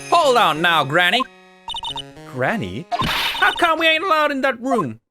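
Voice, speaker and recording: A man voicing a brash, pushy Southern woman photographer in a put-on Southern American accent, loud and twangy. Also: extremely high pitch, wildly swooping pitch, measured pace, over loud music, voice pushed up, full character voice. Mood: indignant.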